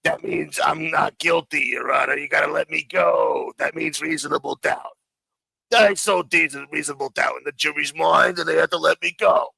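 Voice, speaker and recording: Guy putting on a husky gravelly mobster voice, mocking, harsh and bright. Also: a little high, normal speed, no echo, full character voice. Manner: mocking imitation. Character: gravelly-voiced male mobster impression, grumbling.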